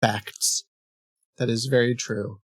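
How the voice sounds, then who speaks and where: A man's voice: medium pitch, little pitch movement, slow pace. A young man talks casually on a stream in a mid-range voice, drifting from thought to thought and often stopping to restart a sentence. The sound is dry and close, with no room echo. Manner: rambling, self-correcting with restarts and short laughs. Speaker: scam-baiting streamer. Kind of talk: casual rambling chat on a stream.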